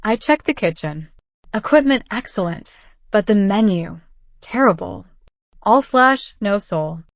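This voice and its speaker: Measured older woman narrating a story. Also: medium pitch, animated, dry recording. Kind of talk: scripted first-person story narration. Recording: dull dry lo-fi audio.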